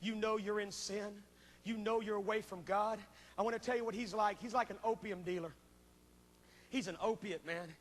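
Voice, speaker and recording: A man preaching a revival sermon, swinging between impassioned shouting and hushed pleading. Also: high-pitched, fairly even intonation, moderate pace, big-room sound. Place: large church auditorium.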